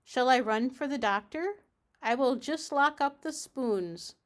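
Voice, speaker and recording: A woman's voice: high-pitched, unhurried. A woman voicing a prim, proper lady cat hostess in a storybook read aloud, speaking precisely and severely.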